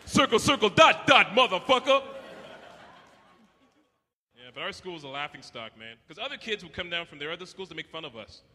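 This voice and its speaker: A man's voice: fairly high pitch, lively intonation, rapid-fire, few pauses, pushed and bright. A man from Canada performing a brash, profane stand-up comedy routine at a live venue. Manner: brash, profane, acts out voices. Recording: echoey hall with faint noise.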